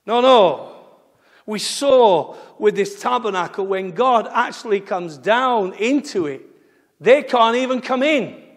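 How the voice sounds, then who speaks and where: An English pastor delivers his sermon in an emphatic, driving way, hammering home phrases by repeating them. His voice sits high for a man. The sound carries a long, echoing church reverb. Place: church sanctuary.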